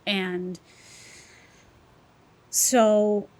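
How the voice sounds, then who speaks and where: A woman as a podcast guest, telling her personal story in a candid, emotional, animated way. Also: mid-range voice, very slow. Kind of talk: personal testimony interview.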